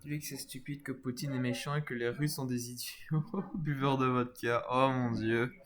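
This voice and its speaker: A man streams a video game live, his voice sitting in the middle range. He reads out each option with a joking tone and tosses in quick asides between them. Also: medium pitch, fairly even intonation, a bit bright, a little hiss or hum.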